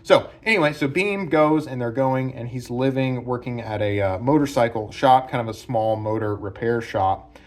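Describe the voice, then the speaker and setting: At a moderate pace and in a mid-range voice, a man hosts a casual spoken breakdown of a film's characters from home. He rambles, using lots of fillers and restarting sentences, while branches hit the roof of the room.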